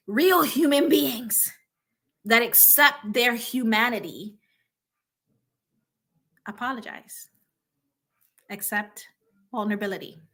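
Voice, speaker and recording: Hosting a motivational talk, a woman speaks with a bright voice on the high side. Emphatic and repetitive, she keeps punctuating her points with "right?".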